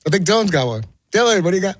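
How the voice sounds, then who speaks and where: A man's voice: high voice, very animated, rapid-fire, dry recording. A man co-hosting a sports radio show, joking in casual banter. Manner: joking, laughs easily. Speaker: radio co-host.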